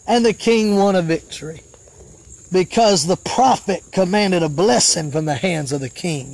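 A man preaching a live sermon fervently, rising to shouts and dropping to murmured praise in between. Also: sits high, normal speed, gravelly.

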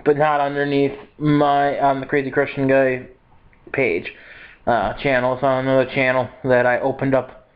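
A man's voice: medium pitch, muffled recording. A man in his twenties vlogging in a casual, rambling and upbeat way, with frequent laughs and filler words. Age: 20s. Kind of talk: casual chat to camera.

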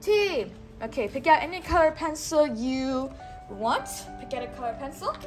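A woman teaching a child one-on-one, speaking slowly and patiently and repeating words for the child to say back. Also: high-pitched, expressive, over music. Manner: slow, coaxing, repeats words for the child to echo.

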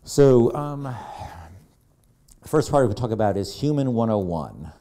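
A man's voice: medium pitch, sing-song, unhurried, mellow. A man speaking as a game creative director in a live presentation to an audience, conversational and rambling with many asides. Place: event hall on stage.

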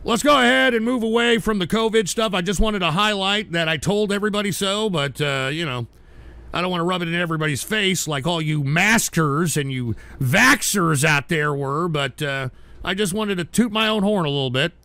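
A high-voiced, gravelly man hosting a livestream, recorded dry and close. He rants at his viewers in exasperation and breaks into shouts. His voice sounds bright and edgy. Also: normal speed, dry recording. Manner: exasperated, scolding, bursts into shouting. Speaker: livestream talk show host.

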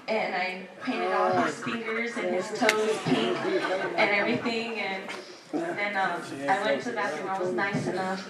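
A woman's voice: medium pitch, distant mic. A woman telling family stories at a memorial service, chatty and acting out the voices she quotes, on a handheld microphone. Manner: chatty storytelling, acts out quoted voices, laughs often. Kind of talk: sharing personal stories at a service. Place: packed hall at a memorial service. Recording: echoey hall, speaker off mic, crowd audible.

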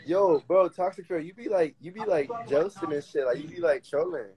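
A man hosting a casual livestream on his phone, loud and slangy as he banters with callers. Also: fairly high pitch, fairly quick. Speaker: livestream host. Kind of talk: casual chat.

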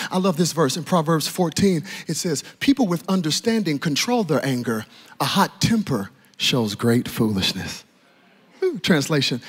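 Man, pastor preaching, high husky voice, playful, animated, loud then hushed. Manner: playful, animated, jokes with the congregation, shifts from loud bursts to hushed tones. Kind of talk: lively sermon. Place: church auditorium.

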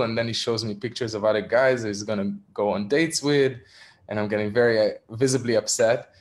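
A young adult man from Israel, an activist, candidly recounting a personal story in a virtual talk, with frequent ums and soft laughs. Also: fairly low pitch, fairly even intonation, moderate pace. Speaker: activist speaker. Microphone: video call.

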